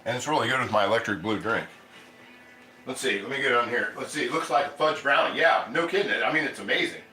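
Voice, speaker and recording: A man's voice: medium pitch, fast talker, bright, forceful tone, roomy sound, faint music behind, rough recording. A man hosting a casual cooking livestream from his home kitchen, chatting loosely and reading viewer comments aloud. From Ohio. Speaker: cooking channel host.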